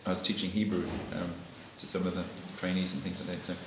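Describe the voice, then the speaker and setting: A man's voice: low-pitched, monotone, quick pace, a little hiss or hum. A middle-aged man tells his life story over a meal, rambling and laughing often. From New Zealand. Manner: rambling, laughs often, many fillers and restarts. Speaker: interviewee giving a personal testimony. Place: echoey dining room with dishes clinking. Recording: echoey room with loud background clatter.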